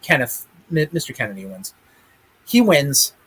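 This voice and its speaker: A man's voice: medium pitch, big pitch swings, moderate pace, fairly bright tone, husky. Rambling man chatting on a live stream. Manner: rambling, swears casually, many ums. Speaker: podcast host. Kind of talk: casual wrestling chat. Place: streaming room with a big chat monitor.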